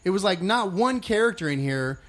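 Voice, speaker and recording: Lively, ranting man. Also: sits high, a little fast. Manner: animated, ranting, swears freely. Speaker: podcast co-host. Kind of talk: casual chat.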